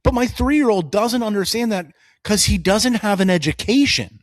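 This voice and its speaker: A man in his thirties co-hosts a casual political podcast, telling stories with lots of energy and acting out the dialogue. His voice sits high and moves at a normal speed. The studio-quality recording has no room sound.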